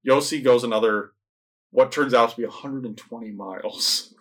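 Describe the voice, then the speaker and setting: A man's voice: medium pitch, moderate pace. A man in casual chat, rambling through movie plots and acting out lines from them. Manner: rambling, animated retelling of plots, acts out lines. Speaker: podcast co-host reviewing movies.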